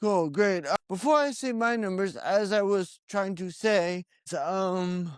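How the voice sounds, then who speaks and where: A man co-hosting a casual podcast, talking haltingly with lots of pauses and restarts. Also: high voice, clear, resonant tone, no echo, clean studio sound. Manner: hesitant, many fillers and restarts. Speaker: podcast co-host. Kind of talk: casual chat about wrestling predictions.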